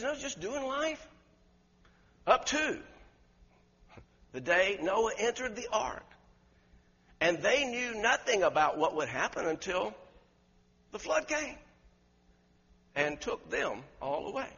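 A man preaching a sermon, emphatic and questioning the congregation, rising to loud peaks. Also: sits high, sing-song, takes it slowly, creaky, pauses often, breathy edge. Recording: lo-fi recording with long hall reverb.

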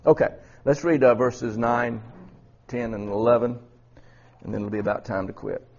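A man's voice: medium pitch, moderate pace, darkish tone, dull audio. A man preaching a Bible lesson in a conversational way, with many restarts and rhetorical questions. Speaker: preacher teaching a Bible study. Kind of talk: sermon.

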